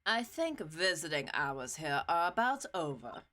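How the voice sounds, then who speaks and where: A woman's voice: sits low, sing-song, measured pace, bright, forceful tone, pitched below the performer's own voice, heavily acted. A woman voicing a cold, haughty young female prosecutor with a put-on German accent, curt and dismissive.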